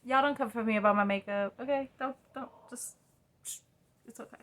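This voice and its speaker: A woman's voice: on the high side, brisk, fairly bright tone. A young woman with a drawl talks casually to her phone camera at home. She rambles, laughs at herself and chats with her viewers while she does her makeup. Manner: chatty, rambling, self-deprecating. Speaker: vlogger. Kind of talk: casual get-ready-with-me chat. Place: at home by a mirror.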